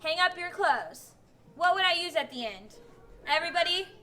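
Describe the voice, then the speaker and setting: In her elementary classroom, a teacher patiently quizzes young pupils and acts out example sentences. Her extremely high voice sounds pushed and bright, expressive at a normal speed.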